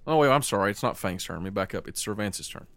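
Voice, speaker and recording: A man's voice: on the low side, animated, fairly bright tone, no echo. A man running a tabletop game as game master, narrating scenes vividly and calling rolls. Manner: vivid, descriptive narration with quick rules calls.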